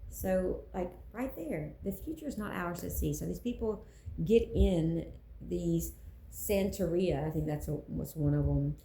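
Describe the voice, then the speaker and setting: A woman's voice: on the low side, lively intonation, unhurried, creaky, mellow, reverberant, slight background noise, poor audio. A woman speaking earnestly about her faith, preaching in a casual way and repeating phrases for emphasis. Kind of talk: personal faith talk.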